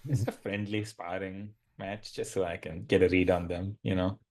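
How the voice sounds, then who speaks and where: A man playing in a tabletop game, relaxed and chuckling, with many fillers. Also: deep voice, normal speed. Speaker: player. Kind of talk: casual tabletop game play.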